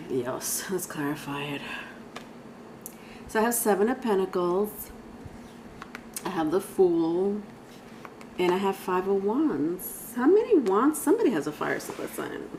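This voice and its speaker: A woman's voice: on the low side, expressive, slow, long pauses, darkish tone, slight background noise, low-quality recording. A woman giving a casual, rambling tarot reading, talking straight to viewers with sighs and laughs. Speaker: tarot reader.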